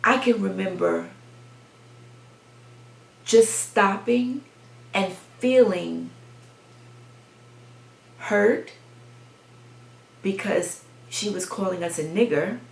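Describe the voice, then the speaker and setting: A woman vlogger telling a personal story from her childhood, reflective and pausing as she talks. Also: medium pitch, creaky. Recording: echoey room.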